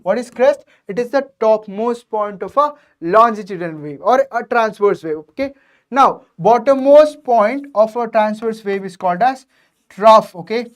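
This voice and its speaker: A woman science teacher, speaking in a slightly high voice. She explains each idea patiently and tags "okay?" onto almost every sentence. She talks straight to her students to check that they follow. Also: normal speed. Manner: addresses students directly and checks understanding. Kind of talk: exam revision lecture.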